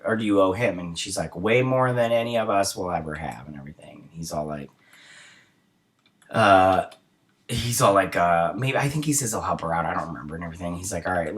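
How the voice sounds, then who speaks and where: A young man hosts a casual episode review and retells each scene in loose, rambling chatter full of ums and uhs. His voice sits fairly low, yet its tone is bright and forward. He sounds a bit tired, as it's early in the morning. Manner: rambling retelling with many fillers.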